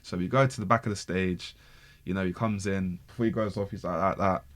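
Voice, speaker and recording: Low-pitched male guest, animated slangy storyteller. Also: brisk. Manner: animated, slangy, repeats words for emphasis. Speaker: podcast guest. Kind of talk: casual storytelling.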